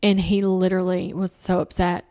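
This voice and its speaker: Animated woman telling stories. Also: lowish voice, normal speed. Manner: animated storyteller, acting out quotes in sing-song voices. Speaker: podcast host. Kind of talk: casual family chat.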